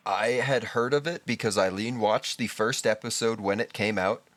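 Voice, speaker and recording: A man's voice: lowish voice, normal speed, a bit bright, no room sound. A man co-hosting a casual podcast, blunt and opinionated, swearing freely. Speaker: podcast co-host. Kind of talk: casual chat.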